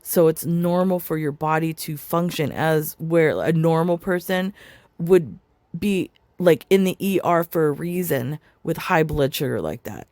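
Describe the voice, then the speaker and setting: A woman's voice: deep voice, animated, unhurried, a little mellow, no echo. A woman giving profane, mocking reaction commentary over a video, sarcastic and blunt. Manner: sarcastic, mocking, swears often.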